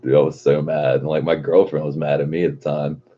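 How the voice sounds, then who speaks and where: A very deep-voiced young man with a husky, dark tone, cursing and laughing his way through a casual story. The stream mic sounds a bit muffled. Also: a little fast. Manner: profane, animated, laughing.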